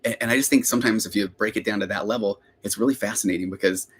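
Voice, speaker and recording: Middle-aged man, lowish voice, quick rambling therapist host on a live Q&A podcast. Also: steady tone, husky. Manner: rambling, self-interrupting, chatty.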